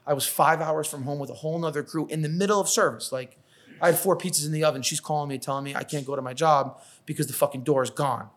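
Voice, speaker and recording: A man's voice: a little high, fast talker. A man in his thirties, a catering business owner, telling stories in a casual podcast chat, swearing often and acting out quotes. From New York. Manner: profane, animated storytelling, acts out quotes.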